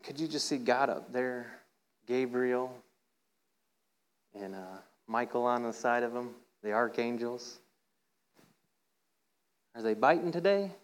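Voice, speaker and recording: A man's voice: fairly even intonation, unhurried, smooth, rough recording. A man giving an informal sermon, telling a playful story and often checking in with the listeners. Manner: playful storytelling, acts out voices with rising pitch; conversational, asks "right?" often. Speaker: preacher.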